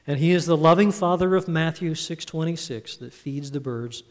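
A man preaching a Father's Day sermon, earnest and storytelling, his phrases trailing off softly. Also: a little high, moderate pace. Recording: reverberant hall, speaker a bit off-mic.

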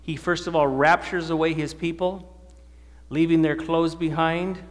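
A man's voice: fairly high pitch, little pitch movement, measured pace. A male preacher giving a sermon to a live audience, often asking them questions and answering them himself. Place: church or meeting hall with an audience. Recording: long hall reverb.

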